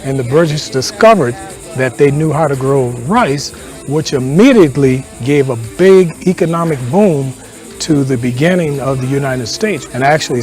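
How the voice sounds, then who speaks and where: A man's voice: medium pitch, darkish tone. A man at a family barbecue who explains terms and background in a lecturing, casual way.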